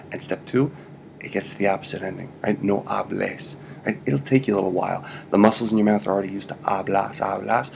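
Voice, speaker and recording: A man's voice: fairly low pitch, creaky, darkish tone, a little hiss or hum. A man teaching a casual video lesson on Spanish grammar, playful and jokey, checking in with "right?" after nearly every point. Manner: playful, repeats "right?" constantly, jokey asides.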